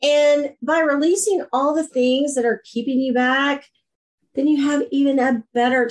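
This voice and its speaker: Enthusiastic woman with a higher voice. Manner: enthusiastic, animated storyteller. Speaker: podcast guest. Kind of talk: casual interview chat.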